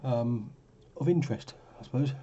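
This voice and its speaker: A man's voice: medium pitch, moderate pace, warm tone, muffled recording, slight background noise. A tired man talking casually through his trading charts, rambling and correcting himself as he goes. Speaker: forex trading vlogger. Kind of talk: casual screen-share commentary.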